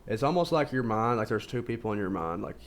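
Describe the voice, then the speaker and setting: A man with a somewhat low voice talks in a loose, casual monologue. He rambles, restarts his sentences and leans on fillers constantly. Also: lively intonation, fast talker. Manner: informal, says "like" constantly. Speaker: video host. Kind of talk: casual self-help monologue.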